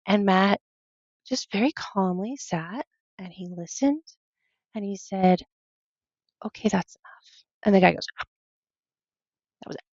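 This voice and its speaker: A woman guest telling a personal story in a casual, animated way, acting out what others said and filling her sentences with fillers. Her voice sits in a middle range, and the recording is dry and slightly dull. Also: mid-range voice, a little slow, long pauses, no echo.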